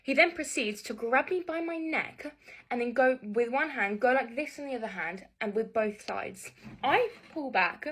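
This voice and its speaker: A woman's voice: a little high, expressive, moderate pace, fairly bright tone, slightly rough. A young woman telling a personal story in an agitated, angry way, swearing often. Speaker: vlogger recounting an assault. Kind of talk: emotional personal story to camera.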